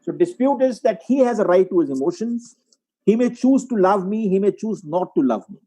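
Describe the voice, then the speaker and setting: A man giving a webinar lecture as a psychiatrist, walking through case examples and often clearing his throat. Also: high-pitched, big pitch swings, a little fast, warm tone, rough recording. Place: online webinar.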